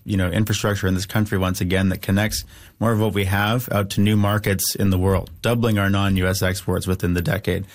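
Earnest Canadian politician, low voice. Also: male voice. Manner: measured, earnest, with filler phrases. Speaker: newly elected member of parliament. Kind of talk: interview answers.

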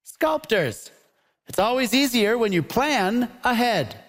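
A man hosting a live comedy debate show on a theatre stage, quick and quippy, laughing between his lines. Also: high voice, expressive, fairly bright tone, in a large hall. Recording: live audience laughter and ambience.

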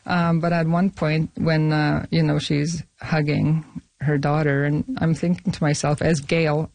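A middle-aged woman chatting as a guest about her work. She talks in a halting way, with lots of fillers and restarts, and laughs often. The sound is dry and close. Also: deep voice, level tone, gravelly, a little mellow, no echo. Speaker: film director and actor, guest. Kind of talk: casual interview conversation.

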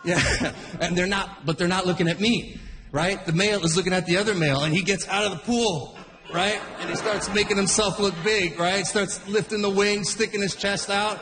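A man doing stand-up, telling a rambling, animated story with duck impressions. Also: high voice, normal speed, in a large hall. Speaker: stand-up comedian.

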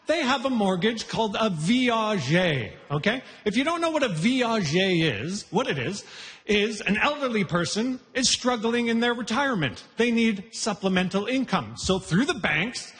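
A man's voice: high voice, expressive, moderate pace, fairly bright tone. A man performing a brash, conversational stand-up set on stage, working the crowd, with audience laughter behind him. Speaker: stand-up comedian. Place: comedy festival stage before a live audience. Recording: live show in a reverberant hall.

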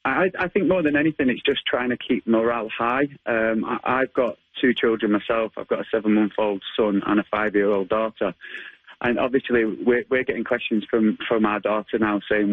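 Husky-voiced male guest, eager and laughing, low-ish voice, phoned in on a tinny line. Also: moderate pace, dry recording. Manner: enthusiastic, laughing, many restarts. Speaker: caller, guest dressing as a superhero. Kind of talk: casual phone interview.

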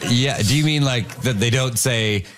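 A man's voice: mid-range voice, normal speed. A man hosting a casual panel chat, joking around with his co-hosts. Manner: joking, animated. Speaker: host.

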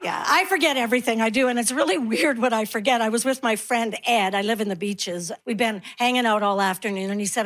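Woman comic, 50s, high voice, sassy and mocking delivery. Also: brisk, a bit bright. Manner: sassy, playful, mocking impressions. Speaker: stand-up comedian. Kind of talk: stand-up comedy set.

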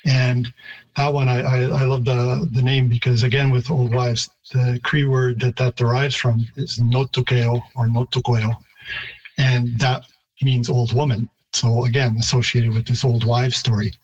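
Prof on a radio interview, husky flat voice, slow careful explaining. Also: male voice, mid-range voice, dull audio. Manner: careful, explains pronunciations slowly with restarts. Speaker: linguistics professor guest.

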